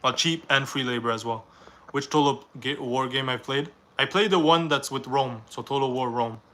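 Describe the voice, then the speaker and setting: A man's voice: mid-range voice, normal speed, a bit bright. A young man from Canada, reading viewers' questions aloud on a live stream and answering them in a casual, rambling way.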